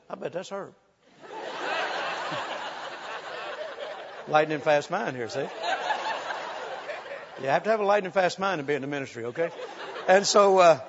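A man's voice: high-pitched, long reverb tail, highs cut off, a little hiss or hum. A man preaching, telling humorous stories animatedly and acting out the voices of the people in them. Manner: animated, humorous, acts out quotes, laughs often. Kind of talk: sermon storytelling.

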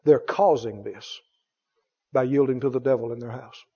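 A man's voice: moderate pace, breathy edge, long reverb tail, dull audio. A man preaching a sermon with an emphatic, repetitive delivery, firing rhetorical questions at his congregation. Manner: mimics others in a higher voice.

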